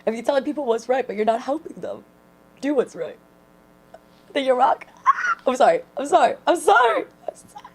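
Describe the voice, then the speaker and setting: A woman streamer chatting casually and excitedly with her viewers while reacting to a sermon. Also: high voice, fairly quick, long pauses. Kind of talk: casual watch-along commentary.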